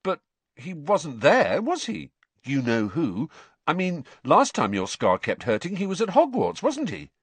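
A man voicing a blunt, eager teenage boy in a storybook reading, in a high, lively voice. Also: a little slow, breathy edge, no echo, full character voice.

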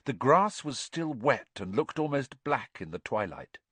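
A man narrating a storybook in a measured, expressive way. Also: medium pitch, husky, dry recording. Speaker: audiobook narrator.

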